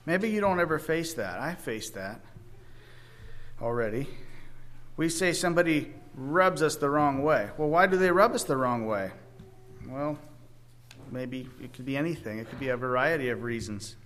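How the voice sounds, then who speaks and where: A man preaching a sermon, reading scripture aloud and speaking with many halting restarts. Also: mid-range voice, lively intonation, fairly bright tone.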